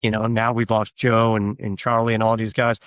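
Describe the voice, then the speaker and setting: A man's voice: fairly low pitch, monotone, normal speed, a bit bright, smooth, dry recording. Man telling stories in a dry close voice. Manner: rambling anecdotal storytelling with frequent fillers. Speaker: guest, tribute artist for a famous singer. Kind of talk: casual interview chat.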